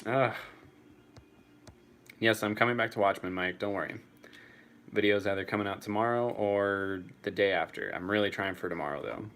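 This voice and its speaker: Low-voiced young man chatting casually. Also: normal speed, pauses often, fairly bright tone. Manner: chatty, swears freely, laughs often. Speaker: streamer answering chat. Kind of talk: casual live chat.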